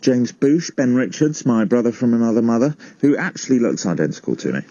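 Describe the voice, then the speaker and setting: A man's voice: medium pitch, expressive, a little fast, dark tone, no room sound, lo-fi sound. A man presenting a comic podcast segment, rambling with self-mocking, sweary asides.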